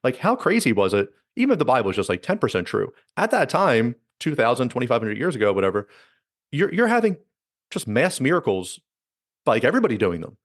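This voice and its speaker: Male podcast host, quick rambling delivery, low-pitched, dry booth sound. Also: very animated, no echo. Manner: fast, rambling, with frequent restarts and fillers. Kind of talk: casual conversational chat.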